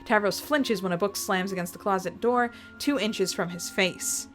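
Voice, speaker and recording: A woman giving an expressive dramatic reading of a fan-written story. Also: mid-range voice, moderate pace, few pauses, faint music behind. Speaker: reader of fan fiction.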